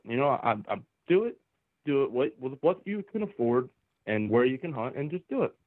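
A man's voice: mid-range voice, very animated, fairly quick, no room sound. Earnest man on a tinny call line. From Southeast Pennsylvania. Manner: earnest, rambling, many restarts and "you know"s. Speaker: podcast guest, bowhunter. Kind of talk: casual chat.

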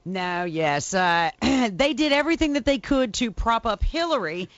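A woman's voice: on the high side, animated, unhurried, no echo, muffled recording. Woman co-host reporting the news. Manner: matter-of-fact reporting with fillers. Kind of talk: political talk radio.

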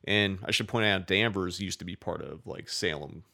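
A man's voice: low voice, moderate pace, gravelly, pushed and bright. A man casually telling a long, rambling story, cursing often and filling his talk with "like". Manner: rambling, profane, many "like" fillers.

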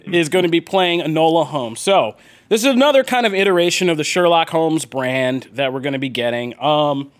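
A man's voice: a little high, lively intonation, fairly quick. A man hosting a podcast in casual chat, joking and rambling with fillers. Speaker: podcast host.

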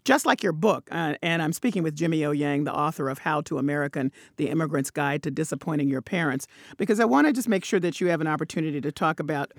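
A man hosting an interview, asking measured, courteous questions. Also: a little high, gravelly, dry recording, studio quality. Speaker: interview host. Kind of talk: radio-style interview.

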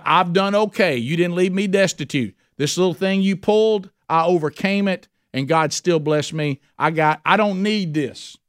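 A man's voice: sits high, no room sound, clean studio sound, pitched above the performer's own voice, lightly acted. A man voicing a proud older brother who is indignant and sure of himself, speaking in a boastful, defiant way.

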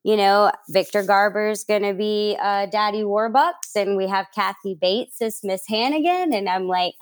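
A woman's voice: medium pitch, normal speed, few pauses. A young woman from New York City, a guest telling stories in a casual interview, chatty and laughing, with lots of fillers and acted-out quotes.

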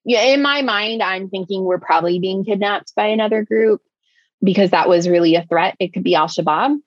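A woman's voice: mid-range voice, a little fast, no room sound, muffled recording. A woman from the United States, a guest on an interview show, retelling a frightening personal story in vivid, breathless detail, full of "like" fillers.

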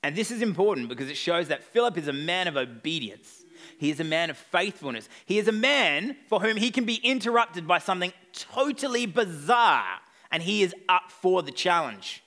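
A man's voice: sits high, sing-song, normal speed, sharp tone. A male pastor preaching an evening sermon, retelling a story with playful asides to the congregation.

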